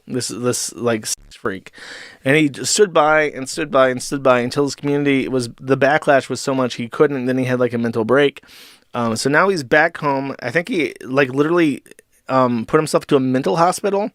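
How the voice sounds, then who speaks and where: A man's voice: medium pitch, brisk, no echo, studio quality. A man giving sarcastic, profane commentary over video clips as the host of an online show.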